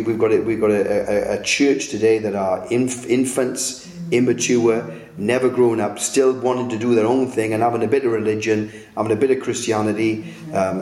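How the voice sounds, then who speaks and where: A man's voice: lowish voice, flat delivery, normal speed, darkish tone, roomy sound. A male pastor preaching a sermon earnestly, with frequent restarts and rising emphatic peaks.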